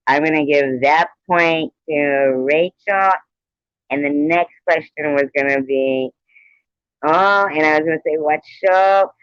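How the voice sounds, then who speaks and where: Slow, chatty man hosting a trivia stream. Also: fairly high pitch, fairly bright tone, smooth, no room sound. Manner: chatty, teasing, scorekeeping aloud. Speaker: trivia livestream host. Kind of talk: casual livestream chat. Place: at home with a cat. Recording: dull, dry lo-fi stream audio.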